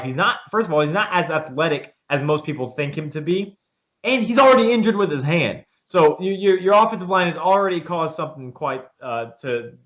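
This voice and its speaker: A man's voice: on the high side, fairly bright tone. A man co-hosting a casual sports podcast, talking emphatically with frequent restarts. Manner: emphatic, rambling with repeated restarts. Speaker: podcast co-host. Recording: dull lo-fi sound.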